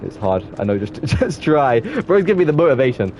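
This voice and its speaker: A man's voice: fairly high pitch, sing-song, fairly quick, a little mellow, slight background noise. A young man with an English accent chatting casually with his viewers while streaming a game, rambling on and restarting his sentences. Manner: rambling, self-admitted waffling with many restarts. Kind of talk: casual gaming stream chat.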